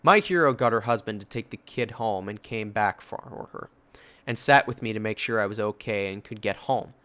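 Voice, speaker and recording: A man's voice: lowish voice, normal speed, fairly bright tone. A man casually narrating a story, swearing freely and breaking off for personal asides. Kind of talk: reading a story.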